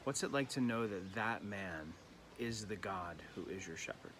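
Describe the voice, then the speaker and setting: A man giving a gentle, reflective evening prayer reflection as a pastor, recorded at home during lockdown. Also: lowish voice, lively intonation, moderate pace, noisy background.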